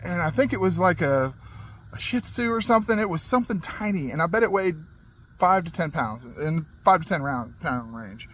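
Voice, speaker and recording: A man telling a funny story from his childhood in a rambling, animated way. He laughs as he talks and uses many fillers and restarts. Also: on the high side, moderate pace, slight background noise, poor audio. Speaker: channel host. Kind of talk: casual storytelling monologue.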